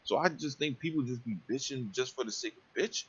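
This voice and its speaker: A man's voice: medium pitch, brisk, fairly bright tone, lo-fi sound, slight background noise. A man making his point on a casual gaming podcast, blunt, emphatic and profane.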